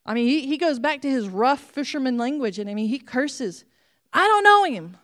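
A woman delivers a sermon in a slightly high voice, telling the story with lively, animated delivery. She slips into voices for the people in it as she goes. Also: brisk. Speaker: preacher.

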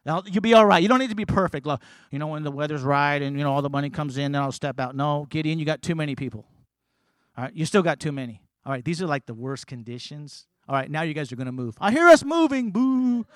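A man preaching a sermon as pastor, emphatic and building to loud, forceful passages. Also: fairly high pitch, lively intonation, quick pace, no room sound.

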